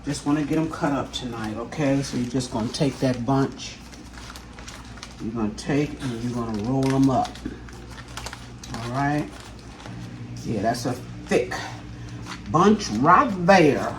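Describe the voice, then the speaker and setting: A woman's voice: very deep voice, unhurried, long pauses, noisy background. A woman hosting a casual cooking demonstration in her home kitchen, chatting and often checking in with her viewers. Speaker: cooking channel host.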